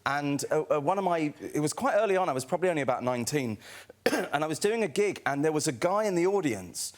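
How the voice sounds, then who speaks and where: A man's voice: on the high side, animated, fast. A man on a chat show, telling a self-deprecating anecdote with laughs in a TV studio. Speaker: guest comedian. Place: TV studio with audience.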